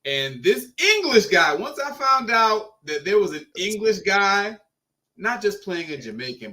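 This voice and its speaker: A man hosting a podcast, talking in an animated, emphatic and profane way. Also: high-pitched, measured pace. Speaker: podcast host. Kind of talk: casual podcast chat.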